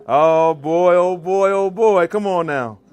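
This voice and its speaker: High-voiced preacherly vegan chef. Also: male voice, slow, a little mellow, clean tone. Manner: preacherly, calls out to the crowd. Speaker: vegan chef giving a cooking demo. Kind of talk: lively cooking demonstration to a live audience. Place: church hall kitchen.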